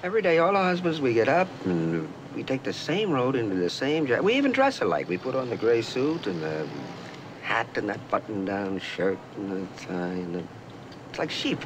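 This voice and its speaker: A man's voice: mid-range voice, big pitch swings, normal speed, close to an everyday voice. An actor playing a bored, restless suburban advertising man who talks in a wry, rambling way, in a 1960s film comedy. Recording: old film soundtrack with hiss.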